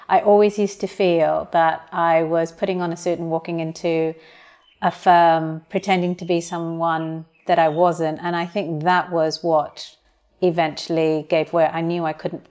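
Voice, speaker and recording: A woman's voice: lowish voice, flat delivery, moderate pace, a little mellow. A woman speaking earnestly and reflectively as a podcast guest. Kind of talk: interview clip.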